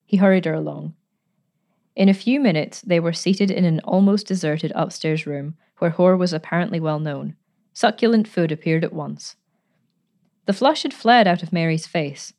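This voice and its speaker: A woman narrating a story in a measured, expressive reading voice. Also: fairly low pitch. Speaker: audiobook narrator. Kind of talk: scripted narration.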